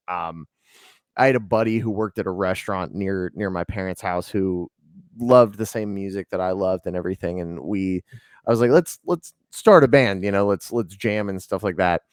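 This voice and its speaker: A man's voice: deep voice, clear, resonant tone, dry recording, studio quality. A man from Atlanta, a band's lead singer, chatting casually in an interview with a rambling, laid-back way of talking full of ums and likes. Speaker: lead singer and band guest.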